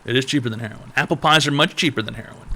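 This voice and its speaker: Bright-voiced, animated, profane male streamer. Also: mid-range voice, rapid-fire. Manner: animated, profane, riffing storyteller. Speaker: advice show host. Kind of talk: livestream banter.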